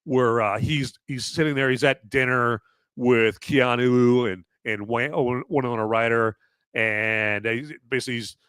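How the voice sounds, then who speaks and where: A man hosting a podcast, giving a casual, rambling movie review with animated asides. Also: mid-range voice, normal speed, smooth, no room sound, studio quality. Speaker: podcast host.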